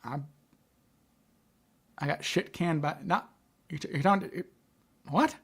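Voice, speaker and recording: A man with a fairly high-pitched voice chats casually as the host of a livestream. He stutters often, repeating words and restarting his sentences as he thinks aloud. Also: measured pace, creaky, fairly bright tone, slightly rough.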